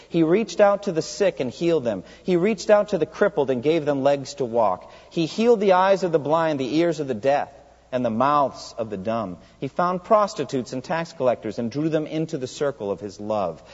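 A man's voice: mid-range voice, darkish tone. A man preaching an expository sermon in a church sanctuary, emphatic and putting rhetorical questions to the congregation. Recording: long hall reverb, dull lo-fi sound.

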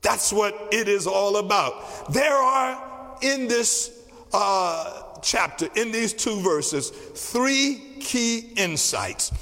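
A man's voice: sits high, animated, vocal fry, sharp tone. Male pastor, sermon delivery, emphatic repetition, long church-hall reverb. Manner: emphatic, repeats key phrases slowly.

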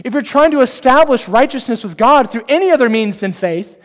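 A man's voice: very high-pitched, animated, brisk, a bit bright, in a large hall. A man preaching a sermon as pastor, earnest and direct, putting rhetorical questions to the congregation.

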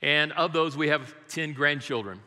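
An older man, a great-grandfather, is the guest preacher in a church sanctuary, praying and telling folksy, funny family stories as part of his sermon. His voice is a little high and sharp, at a moderate pace. The large hall adds a long reverb.

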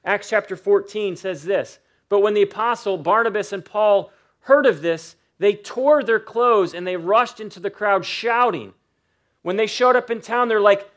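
Man, high voice, pastor, emphatic sermon, slows for emphasis. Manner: emphatic preaching, varies loudness and slows for emphasis.

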